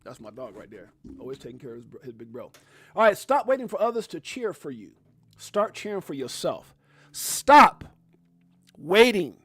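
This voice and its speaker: A man hosting a casual livestream, talking straight to his viewers in an animated, chatty way. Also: mid-range voice, fast, breathy edge, dry recording. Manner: animated, talks directly to viewers with shout-outs. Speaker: livestream host.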